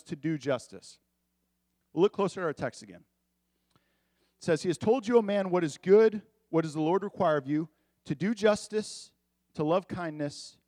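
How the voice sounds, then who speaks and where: A pastor preaching a sermon in a conversational, animated way, with quick asides to the congregation. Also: male voice, on the high side, no echo.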